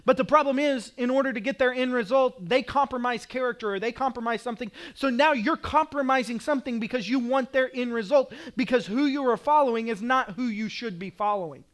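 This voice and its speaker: A man with an Oklahoman accent preaching a sermon from the pulpit. His voice sits very high for a man, and he tells stories with animated energy, acting out scenes and sometimes rising to a shout. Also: brisk, few pauses. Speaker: pastor.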